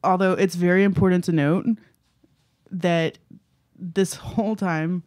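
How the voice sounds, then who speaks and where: Young woman co-host, casual and animated, low-pitched, often laughing while acting out quotes. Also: measured pace. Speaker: podcast co-host. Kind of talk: casual chat reviewing a book.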